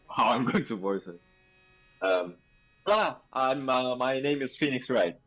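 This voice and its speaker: A man on a casual game stream who reads lines aloud with hesitations and self-conscious remarks. His voice is mid-pitched, with faint music behind him. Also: lively intonation, measured pace, fairly bright tone, rough recording. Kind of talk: casual game playthrough, reading dialogue aloud.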